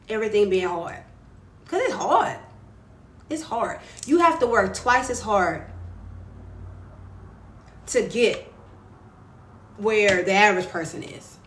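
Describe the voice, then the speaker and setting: A woman author with a medium-pitched voice hosts a casual live stream, encouraging viewers and greeting them by name. She's recorded on a phone in an echoey room with faint ambience, and there's a little hiss or hum.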